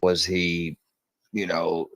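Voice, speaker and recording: A man with a very low voice talks in a loose, rambling way, swearing freely. He jumps up into a higher, louder voice when he acts out what people said. The sound is close and dry, with no room around it. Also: completely flat delivery, drawn-out words, dry recording. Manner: profane, rambling, acts out quotes in a raised voice. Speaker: true crime storyteller. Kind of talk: casual storytelling rant.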